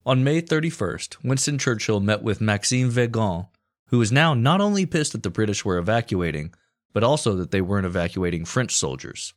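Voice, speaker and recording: A man's voice: fairly low pitch, expressive, a little fast. A man co-hosting a comedy podcast, narrating war history in a casual, profane, joking way. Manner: storytelling with crude jokes and profanity.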